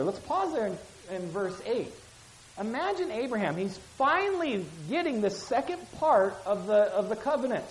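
This woman's voice is a little high, with lively intonation and normal speed, as she offers a conversational Bible teaching. After reading scripture with acted voices, she explains it casually, poses questions to listeners and repeats key phrases; the room is echoey and hissy.

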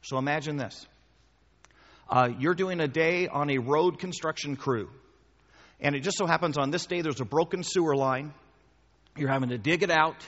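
A man's voice: a little high, fairly bright tone, in a large hall, lo-fi sound. A man preaching a sermon as pastor, talking conversationally, quizzing the congregation and pressing points with emphatic repetition.

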